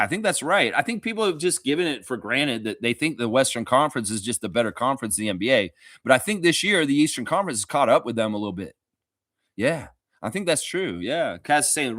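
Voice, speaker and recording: A man's voice: mid-range voice, dry recording, clean studio sound. A man hosting a fan livestream, chatting casually and animatedly with his viewers, cursing now and then. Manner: animated, profane, talks to chat viewers. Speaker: fan show host.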